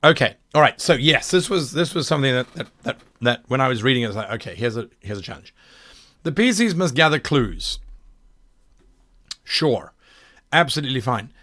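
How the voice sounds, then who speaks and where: A man running a workshop as a game master, critiquing adventure submissions in a quick, wry, self-mocking way. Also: medium pitch, lively intonation, bright, forceful tone.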